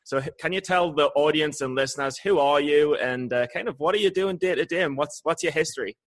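A man hosting a casual interview, effusive, playful and quick to tease his guest. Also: fairly high pitch. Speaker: interview host.

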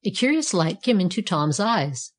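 A woman narrating a children's storybook aloud at a steady, even pace. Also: medium pitch, moderate pace. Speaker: audiobook narrator. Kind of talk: storybook reading.

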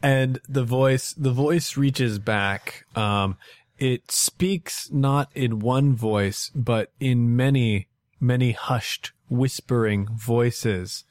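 A man narrating as game master in a tabletop game, relaxed and halting with lots of fillers. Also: mid-range voice, dry recording.

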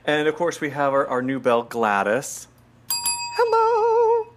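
A man's voice: medium pitch, moderate pace, a bit bright. A man co-hosting a podcast in casual chat, playful and giggly, with lots of asides and fillers. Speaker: podcast co-host.

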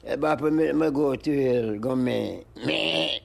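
An older man, an interview guest, rambling in slow looping phrases and breaking into high-pitched animal noises. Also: gravelly, mellow. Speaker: interview guest, music producer. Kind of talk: rambling stream-of-consciousness chat.

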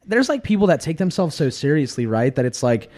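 A man's voice: on the high side, big pitch swings, fairly quick, a little mellow. A young man talking casually on a podcast, chatty and filling his sentences with "like". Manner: chatty, peppers speech with "like". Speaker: content team member.

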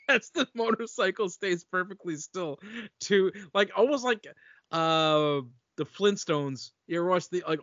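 A high, bright male voice riffs on a movie with dry joking asides. The recording is dry and somewhat dull, with a close home mic. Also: no room sound. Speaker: podcast co-host. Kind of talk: casual movie-review chat.

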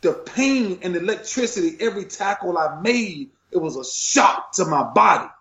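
A man's voice: sits high, expressive, normal speed, a bit bright, reverberant, muffled recording. A middle-aged man, a retired football player, telling an emotional story in a passionate, preacher-like rhythm.

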